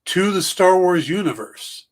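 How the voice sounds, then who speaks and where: Relaxed man with a slightly high voice. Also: unhurried. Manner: relaxed, hesitant, with fillers. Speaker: podcast co-host. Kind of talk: casual chat.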